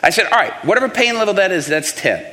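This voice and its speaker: A man's voice: high voice, fast, in a large hall. A man preaching and telling a story, acting out the voices of the people in it. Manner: animated, acts out the voices in his story. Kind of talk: sermon storytelling.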